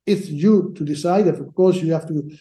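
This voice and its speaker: A sports lawyer answers podcast interview questions in a halting way, repeating words as he searches for phrasing. His voice is high with a dark tone, and the recording has a roomy echo.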